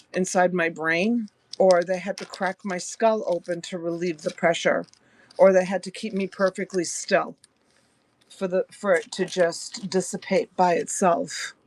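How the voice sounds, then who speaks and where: A woman's voice: a little mellow, dry recording. Chatty middle-aged woman telling a story. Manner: chatty storyteller, voice rising high when quoting. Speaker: live-stream jewelry seller. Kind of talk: casual live-selling chat.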